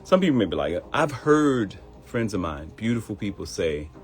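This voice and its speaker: Low-pitched man, lively swinging delivery, motivational live-stream host, repeats his phrases, soft music underneath. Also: normal speed, few pauses. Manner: animated, repeats phrases, laughs at own jokes. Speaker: host of a live morning show.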